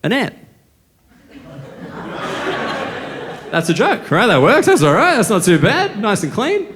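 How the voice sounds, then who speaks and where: An Australian man doing a stand-up set, telling stories in a brash, profane, deadpan way. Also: sits high. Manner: brash, profane, deadpan storytelling with quick asides. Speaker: stand-up comedian. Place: comedy stage with live audience laughing. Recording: live show with audience noise.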